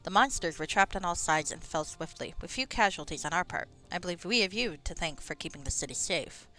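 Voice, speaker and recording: A woman's voice: on the low side, lively intonation, fairly quick, faint music behind, low-quality recording. A woman reading a formal city commander. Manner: reads game dialogue aloud, formal and quiet. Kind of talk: reading game dialogue aloud.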